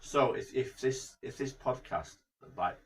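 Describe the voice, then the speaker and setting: A man's voice: medium pitch, animated, a little slow. A man co-hosting a podcast, telling stories hesitantly and correcting his friend. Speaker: podcast co-host. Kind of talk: casual banter. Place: small summerhouse studio.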